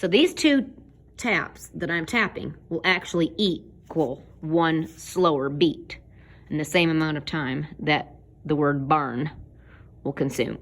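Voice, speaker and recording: A woman's voice: low-pitched, takes it slowly, a bit bright, slight background noise. A woman teaching a casual home video music lesson, chanting words and tapping out syllables and beats.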